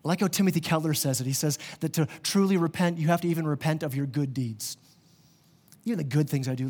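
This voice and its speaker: A man with a high voice preaches a sermon to his congregation. He talks earnestly and conversationally and brings his points home with vivid everyday examples. His voice rings through the long reverb of a large church hall. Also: fast talker, darkish tone. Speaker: pastor. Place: church sanctuary.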